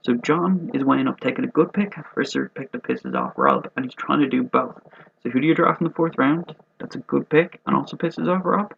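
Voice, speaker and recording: Brief: man, host doing joking commentary, very gravelly, husky voice, lively pitch, lo-fi dull recording. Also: fairly quick. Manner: profane, joking, rambling. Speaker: host of a fantasy football mock draft video. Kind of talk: casual predictive commentary.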